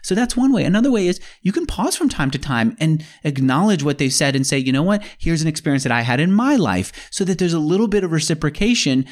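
Animated, lively-voiced man explaining. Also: fairly high pitch, fast, few pauses. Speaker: interview guest, author.

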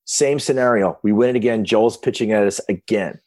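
A man in his fifties telling stories as a podcast guest, casual and animated, often restarting his sentences from his home office. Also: fairly low pitch, a little fast. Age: 50s. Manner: excited, animated retelling with many restarts. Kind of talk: casual storytelling.

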